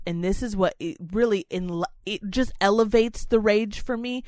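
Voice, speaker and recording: A woman's voice: medium pitch, moderate pace, hardly any pauses, no echo. A young adult woman telling a story in a casual, angry rant, swearing freely and dramatizing it. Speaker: podcast co-host telling a story.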